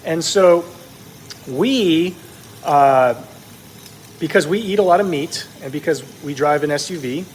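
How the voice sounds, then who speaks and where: A man's voice: a little high, measured pace, pauses often, slight background noise, low-quality recording. A man talking while he cooks, rambling with many ums and uhs, as meat sizzles in his kitchen. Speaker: cooking vlogger. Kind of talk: casual talk while cooking. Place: kitchen with food searing.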